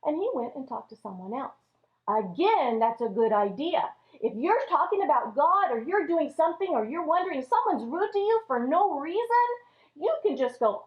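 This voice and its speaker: Woman Sunday school teacher, animated storyteller for children, very expressive, dull echoey recording. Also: sits high, normal speed. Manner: animated, addresses children as friends. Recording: echoey room, dull lo-fi audio.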